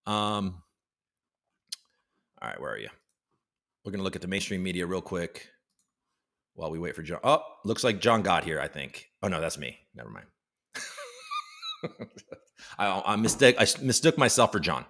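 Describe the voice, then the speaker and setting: A man's voice: low voice, sing-song, normal speed, creaky, long pauses, a bit bright. A man hosting a casual live stream, joking around and greeting viewers in the chat by name. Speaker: livestream show host.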